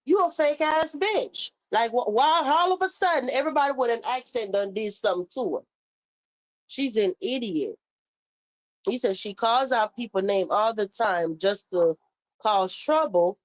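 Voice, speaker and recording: A woman's voice: fairly high pitch, expressive, normal speed, low-quality recording. Sassy Caribbean woman ranting on a live stream. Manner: sassy, scolding, talks straight to chat. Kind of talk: heated live-stream rant reading chat. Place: home.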